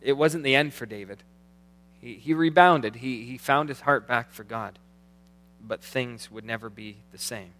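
A man preaching a sermon as pastor, earnest, slowing down to read scripture aloud. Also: mid-range voice, fairly bright tone. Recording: long hall reverb.

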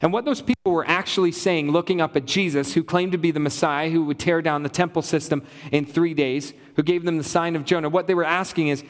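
A man's voice: on the high side, brisk, big-room sound. A man preaching a sermon as pastor, earnest and building his points through repetition.

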